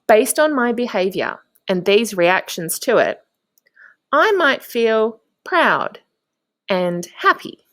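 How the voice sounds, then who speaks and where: A female primary school teacher narrates a lesson for young children, slow and encouraging, with clear prompts to the class. Her fairly high, slightly bright voice swings widely in pitch. It's a dry, studio-quality recording.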